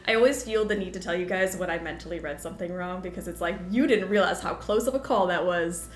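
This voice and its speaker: A woman's voice: on the low side, quick pace. A young adult woman chatting casually on a game stream, rambling, giggling and poking fun at herself. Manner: rambling, giggly, self-deprecating. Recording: roomy sound with game music. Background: game music.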